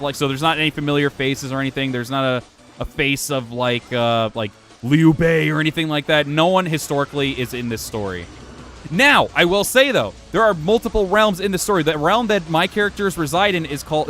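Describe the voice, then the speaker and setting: Male gaming streamer, animated and rambling, self-deprecating and profane, faint music behind. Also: a little high, brisk. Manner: rambling, self-mocking, swears freely. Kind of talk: casual gameplay commentary. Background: faint music playing from his computer.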